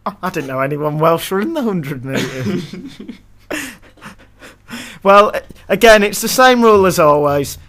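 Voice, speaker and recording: A man's voice: high voice, lively intonation, measured pace, pauses often, a bit bright. A young man co-hosting a casual podcast, joking and laughing often at his own lines. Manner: jokey, self-mocking, laughs often. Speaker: podcast co-host.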